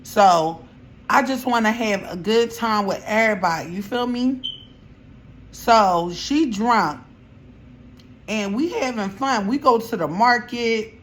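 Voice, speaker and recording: A young woman vlogger chatting through a storytime while she does her makeup, animated and slangy. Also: fairly high pitch, slow, a little hiss or hum.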